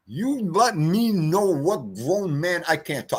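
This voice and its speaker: Livestream host, male, slightly high voice, lively swooping delivery, joking banter, mock-exasperated rants, swears freely. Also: slow pace, few pauses, breathy edge. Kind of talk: casual livestream chat.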